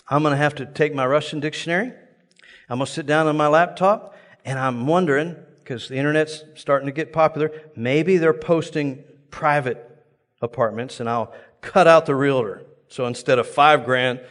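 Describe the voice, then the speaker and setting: A man preaching a sermon, telling a personal story with lively bursts of loud exclamation and laughter before a congregation. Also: fairly high pitch. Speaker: pastor. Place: large church hall before a live congregation. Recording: long reverb of a large hall.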